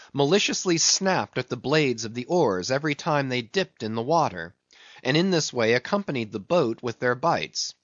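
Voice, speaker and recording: A male narrator reads a classic novel at a slow, deliberate pace, his pitch in an average middle range. The recording is dry and close, and it sounds somewhat dull and lo-fi. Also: fairly bright tone, no room sound. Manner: measured, deliberate reading. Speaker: audiobook reader.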